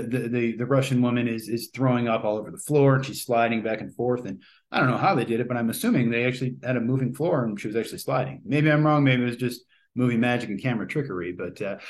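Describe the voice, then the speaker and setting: Man, casual movie review, rambling delivery, many ums and restarts, mid-pitched voice.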